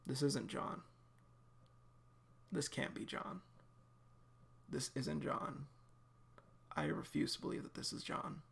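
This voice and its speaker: A man's voice: mid-range voice, little pitch movement, slow pace, creaky, long pauses, fairly bright tone. A young man reacting live to a webcomic, subdued and sighing.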